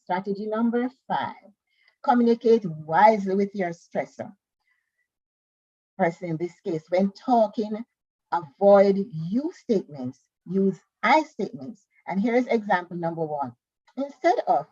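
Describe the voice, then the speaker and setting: Bible study teacher, woman, husky and unhurried, muffled lo-fi stream audio. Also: mid-range voice, expressive, warm tone, no room sound. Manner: slow, careful reading of scripture and worksheet questions.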